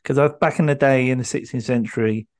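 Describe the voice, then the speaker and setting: A man's voice: medium pitch, fairly even intonation, brisk, darkish tone. Rambling man hosting a podcast. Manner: rambling storyteller, many ums and restarts. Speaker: podcast host. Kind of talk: casual podcast chat.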